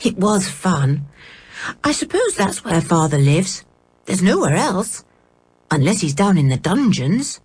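A woman's voice: fairly low pitch, very animated, measured pace, darkish tone, slightly rough, heavily acted. A woman reading a storybook, voicing a direct, tomboyish girl.

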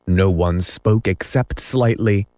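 A man narrating a classic story as an audiobook, measured and dramatic. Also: sits low, dark tone, dry recording. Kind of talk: audiobook reading.

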